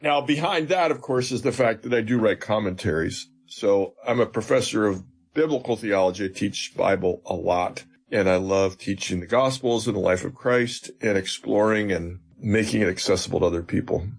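A man's voice: on the low side, normal speed, gravelly, few pauses, breathy edge. A man, a seminary professor, explaining scripture as an interview guest in an earnest, teacherly way with emphatic retellings.

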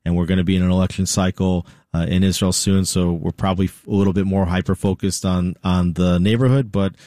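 Man, middle-aged, interview guest, very deep voice, measured, dry recording. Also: little pitch movement, mellow, no room sound. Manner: measured, lots of "you know" fillers. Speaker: interview guest, news executive. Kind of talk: conversational interview.

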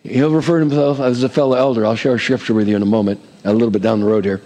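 A man's voice: medium pitch, steady tone, racing, dark tone, in a large hall, poor audio. A male pastor preaching a sermon in a conversational way, asking "amen?" and slipping in light humor.

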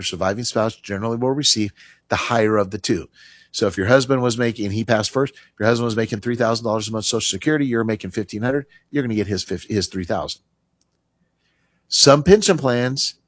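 A middle-aged man hosts a radio advice segment about retirement taxes, speaking conversationally and with emphasis and lowering his voice for asides. His voice is mid-range and slightly rough, with no echo in the recording.

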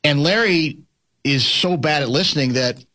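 A man's voice: on the high side, moderate pace, bright, forceful tone. A man hosting a sports radio show, chatting with a guest and telling anecdotes. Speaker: radio host. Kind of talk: casual radio sports talk.

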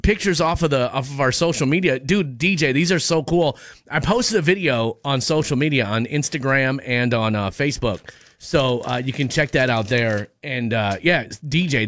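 A man hosting a morning radio show alone in a studio, chatting fast and tripping over his words. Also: fairly high pitch, fairly bright tone, no room sound. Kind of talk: casual radio chat. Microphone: studio microphone.

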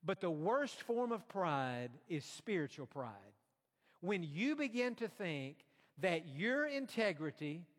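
High-voiced earnest preacher man. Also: big-room sound. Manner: earnest, slow emphatic delivery with quoted asides. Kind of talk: sermon.

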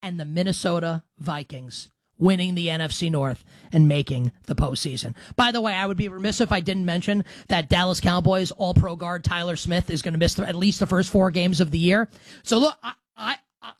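A man's voice: high voice, brisk, no room sound. A man in his thirties hosting a sports talk show, brash and emphatic, cracking jokes between picks. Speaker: sports radio host.

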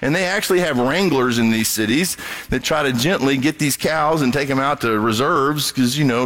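A man preaching a sermon, animated, acting out quoted voices as he goes. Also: a little high, normal speed. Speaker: pastor.

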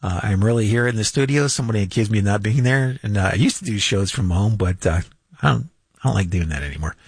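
A man's voice: lowish voice, fast, breathy edge, no echo. An older man hosting a radio finance show, talking casually in a rambling way with chuckles, fillers and restarts, from a studio. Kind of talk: casual unscripted radio talk.

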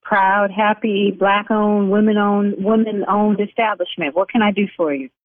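A woman's voice: mid-range voice, steady tone, moderate pace, no echo. A woman running a salon, talking in on a phone call. She turns sassy and scolding and snaps back hard. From Chicago South Side. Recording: dry tinny phone line.

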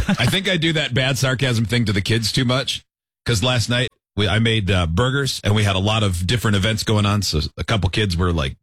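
Husky-voiced man telling a story. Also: on the low side, fairly bright tone, no room sound. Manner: storytelling, self-mocking, laughs often. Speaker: radio show host. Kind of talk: casual studio banter.

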